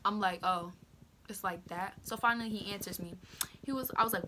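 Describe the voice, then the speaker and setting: A woman's voice: mid-range voice, fast, background noise. A teenage girl vlogger telling a story in casual slang, acting out what people said.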